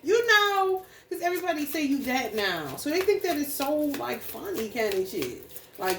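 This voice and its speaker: Woman astrology reader, blunt and profane, fairly high voice, mic set back in an echoey room. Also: sing-song, normal speed. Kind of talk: casual spiritual reading and rant. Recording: echoey room, distant mic, faint noise.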